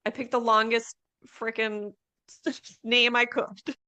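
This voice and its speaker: Unhurried, candid woman farmer guest. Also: fairly high pitch, lo-fi sound. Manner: relaxed, candid, blunt. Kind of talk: casual interview chat.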